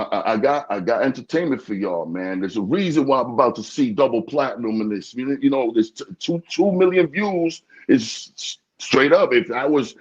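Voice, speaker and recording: A man chatting casually in an interview, animated, often stammering and repeating words. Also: mid-range voice, husky. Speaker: podcast host being interviewed. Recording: dull lo-fi sound.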